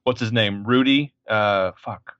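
A man co-hosting a casual movie podcast, animated and profane, acting out scenes as he talks. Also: on the low side, unhurried, clear, resonant tone, no room sound, muffled recording. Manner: animated, profane, acts out lines. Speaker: podcast co-host.

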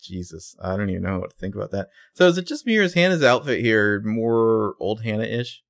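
A podcast co-host with a fairly low, gravelly, slightly bright voice gives a blunt, casual recap of a TV episode, swearing often and using lots of fillers. He's animated and a bit fast, with no room sound.

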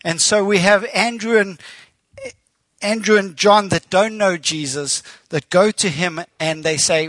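A man's voice: high-pitched, a little slow, fairly bright tone, dry recording. A man with a South African accent preaching as a guest speaker, telling stories with animation and acting out quoted speech. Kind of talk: sermon. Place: church.

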